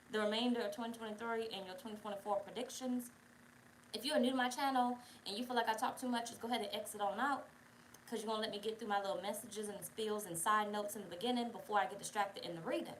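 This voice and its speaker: A woman's voice: mid-range voice, fairly bright tone, a little hiss or hum, low-quality recording. A young woman hosting a casual tarot livestream, chatty, profane and digressive, bossing her viewers around. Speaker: tarot reader, channel host.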